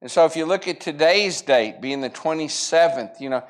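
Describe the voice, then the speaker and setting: A man's voice: on the high side, brisk. Man, Bible class teacher; earnest, conversational, acts out quoted lines as he retells scripture. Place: church classroom.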